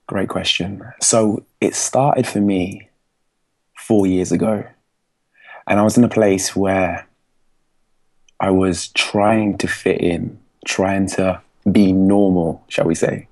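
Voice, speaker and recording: A young English man with an English accent, a podcast guest telling his story in an animated way, laughing often and acting out what others said. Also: low-pitched. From England. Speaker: podcast guest, speaking coach. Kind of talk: casual storytelling.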